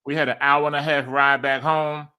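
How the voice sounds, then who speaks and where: A man's voice: fairly high pitch, moderate pace, clean tone. A man, telling a story as a podcast guest and acting out the quoted dialogue with laughs. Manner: animated, acts out quoted dialogue, laughs often.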